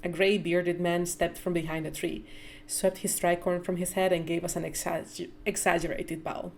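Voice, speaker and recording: A woman reading a novel aloud live, with measured storytelling narration. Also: on the low side, flat delivery, creaky, slight background noise. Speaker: reader.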